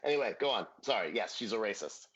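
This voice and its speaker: A man's voice: lowish voice, lively intonation, fast talker, fairly bright tone, slight background noise. Wry, joking man on lo-fi audio. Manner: joking, wry, swears casually. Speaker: podcast co-host. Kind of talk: casual chat recapping a sitcom.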